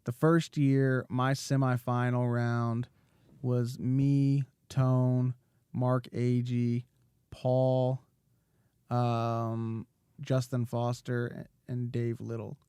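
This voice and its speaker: A man hosting a podcast in relaxed casual chat, easygoing and agreeable. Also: medium pitch, very slow, clear, resonant tone, dry recording, clean studio sound. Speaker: podcast host.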